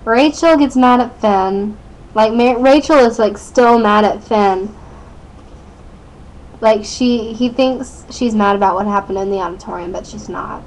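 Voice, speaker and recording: A woman's voice: fairly high pitch, measured pace, long pauses, a little hiss or hum, poor audio. A teenage girl recapping a TV episode into her webcam, chatty and rambling, full of "like" and "um", giggling often. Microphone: built-in webcam mic.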